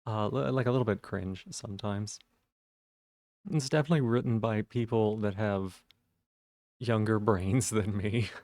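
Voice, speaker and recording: A man's voice: fairly low pitch, unhurried, pauses often, darkish tone, dry recording. Rambling male streamer, dry sound. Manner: rambling, chatty, with many fillers and restarts. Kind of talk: casual live-stream chat.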